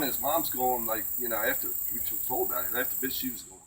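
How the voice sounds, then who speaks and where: A man's voice: medium pitch, fast talker, few pauses, fairly bright tone, a little hiss or hum. An older man tells rambling, folksy stories of the old days in a casual chat, often tossing in "right?". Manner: rambling folksy yarn-spinning with tag questions. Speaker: storyteller. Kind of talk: casual outdoor chat, telling old tales. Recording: distant mic, faint crickets.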